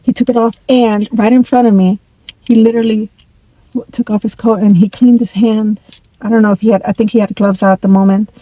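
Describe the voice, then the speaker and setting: Very mellow-voiced woman telling a story. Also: mid-range voice, fairly quick, no echo, poor audio. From United States. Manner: animated, repetitive, restarts words. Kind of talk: casual storytelling to camera.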